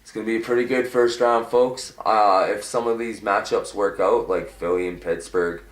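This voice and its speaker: A man hosting a casual hockey chat, loud and excitable, swearing freely and laughing often. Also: fairly low pitch, moderate pace. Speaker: host of a hockey show. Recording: echoey room.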